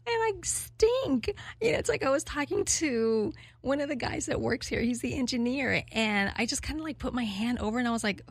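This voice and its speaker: A woman's voice: a little high, animated, a little fast, slightly rough, dry recording. A woman in her forties hosting a radio talk show, chatting candidly and rambling with many fillers and frequent laughter. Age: 40s. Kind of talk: casual chat to listeners.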